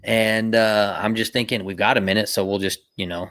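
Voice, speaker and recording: A man's voice: lowish voice, fairly quick. A middle-aged man co-hosting a podcast, telling a story in casual chat. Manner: storytelling, animated retelling. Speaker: podcast co-host.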